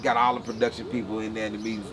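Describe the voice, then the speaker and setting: A man's voice: on the low side, little pitch movement, racing, crowd noise. A man, a comedian guest, telling stories in a radio interview, laughing often and acting out other people's voices. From Texas. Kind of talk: animated storytelling in a radio interview. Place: live outdoor broadcast with a crowd.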